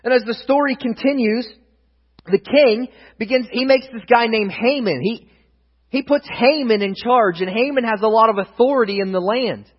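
A man with a high, husky voice preaches a sermon. He retells scripture as a story and swings between loud emphasis and hushed asides. His voice rings out with a long reverb in a big hall, and the recording sounds dull. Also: normal speed. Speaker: pastor.

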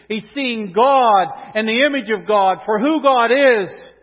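A man with a fairly high voice preaches dramatically, surging into loud proclamations and then dropping to hushed intensity. His voice rings through a long hall reverb, and the recording sounds muffled and dull. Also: a little slow, few pauses. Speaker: pastor. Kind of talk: sermon.

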